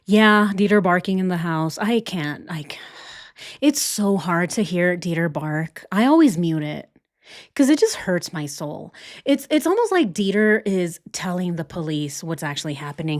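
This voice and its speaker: A woman's voice: fairly low pitch, animated, normal speed, dry recording, clean studio sound. A woman hosting a casual reaction commentary, indignant, firing off rhetorical questions and repeating herself. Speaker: reaction channel host.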